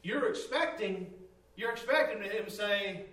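Fervent high-voiced man preaching in an echoey church. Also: lively intonation, a little slow, recorded from a distance. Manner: fervent, rising to near shouts, dropping low for quoted stories. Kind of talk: sermon. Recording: roomy echo, from off-mic.

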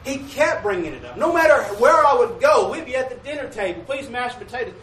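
A high-pitched male pastor delivers a homey sermon, pausing often to draw "Amen" from the congregation. His voice echoes around a church sanctuary, heard from a little way off the mic. A faint room hum runs underneath. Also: sing-song, a bit bright, recorded from a distance. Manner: preaching call-and-response, asking "Amen?"; drawls mock King James commandments slowly.

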